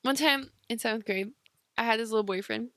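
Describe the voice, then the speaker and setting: A woman co-hosting a podcast in casual chat, lively and swearing freely as she acts out what people said. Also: a little high, a little fast, dry recording. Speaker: podcast co-host.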